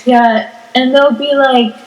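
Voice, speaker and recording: A woman's voice: sits high, fairly even intonation, slow, echoey room, highs cut off. A teenage girl co-hosting a podcast, chatting casually and giggling as she acts out what people said. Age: teens. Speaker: podcast co-host. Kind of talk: casual chat.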